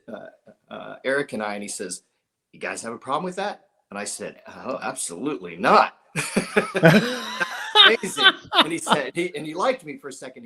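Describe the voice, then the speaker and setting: Middle-aged man telling a lively story. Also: medium pitch. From Dayton, Ohio. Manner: animated storyteller who acts out quoted voices, with frequent chuckles. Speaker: interview guest, musician. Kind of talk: storytelling in a conversational interview.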